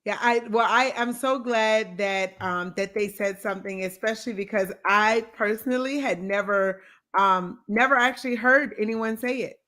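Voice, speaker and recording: A woman's voice: medium pitch, moderate pace, sharp tone. A woman hosting an interview, eager and agreeable, with hesitant fillers. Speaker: podcast host. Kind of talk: conversational interview.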